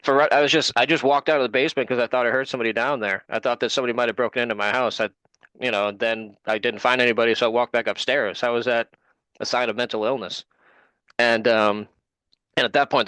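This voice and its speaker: A man, speaking as an interview guest and telling a story at ordinary pitch. He acts out what others said as he goes, and the voice sounds dry and close. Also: steady tone, fast, bright, forceful tone, no echo. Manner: retells events with quoted dialogue.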